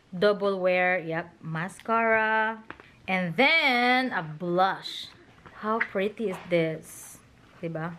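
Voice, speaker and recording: A woman, chatting excitably and laughing often as a mother in a casual family vlog. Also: a little high. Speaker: vlogger mom.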